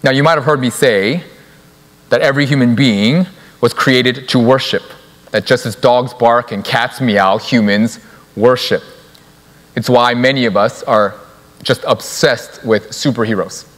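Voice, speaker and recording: A man's voice: mid-range voice, measured pace, big-room sound. A young adult man preaching a sermon in a church, stressing key words by repeating them. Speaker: pastor. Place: church sanctuary.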